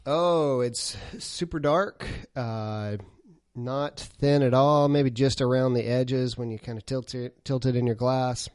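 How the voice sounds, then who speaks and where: A man joining a casual beer podcast, speaking in a relaxed, low-key way. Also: a little slow, smooth, no room sound, studio quality.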